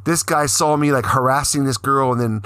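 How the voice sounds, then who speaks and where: A middle-aged man co-hosting a podcast, telling a story in a profane, animated way and acting out the quotes. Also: mid-range voice, normal speed, dry recording, studio quality. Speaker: podcast co-host. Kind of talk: casual storytelling chat.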